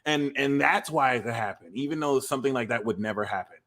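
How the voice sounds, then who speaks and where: A man hosting a casual astrology and tarot livestream, talking in an animated, profane, jokey way. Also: mid-range voice, quick pace.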